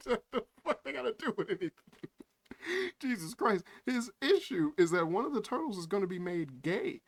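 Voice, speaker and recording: A man's voice: sits high, expressive, unhurried. A man doing reaction commentary on a video, mocking, swearing and often breaking into laughter. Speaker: YouTube commentator.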